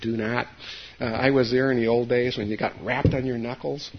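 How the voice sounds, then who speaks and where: An older man gives a Zen dharma talk to a group, his gravelly, husky voice coming through a dull lo-fi recording. He speaks haltingly, with lots of fillers and restarts, and keeps checking in with his listeners in a folksy way. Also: mid-range voice, steady tone. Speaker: Zen meditation teacher.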